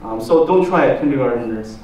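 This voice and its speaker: A pastor with a Korean accent giving a slow sermon, asking the congregation drawn-out questions. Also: male voice, medium pitch, animated, a little mellow. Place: church hall. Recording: roomy echo, distant mic, faint noise.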